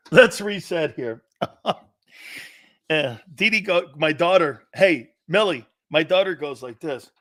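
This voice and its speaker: A man's voice: fairly high pitch, lively intonation, slow, fairly bright tone. A middle-aged man hosting a sports talk show, rambling through stories and laughing often. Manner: rambling storyteller, laughs a lot, quotes others. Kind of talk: casual live-stream sports talk.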